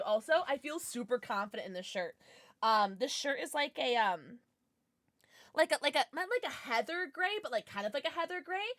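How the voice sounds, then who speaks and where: Bubbly young woman streamer, lively pitch. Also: dry recording, clean studio sound. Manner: bubbly and animated, gasping and squealing at follows; playful, slightly tipsy banter. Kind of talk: casual livestream chat with viewers.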